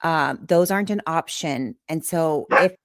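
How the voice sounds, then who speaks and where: A woman's voice: low-pitched, a little slow, dry recording, clean studio sound. A woman hosting a podcast, guiding the talk in an encouraging, supportive way. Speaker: podcast host. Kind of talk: candid podcast conversation.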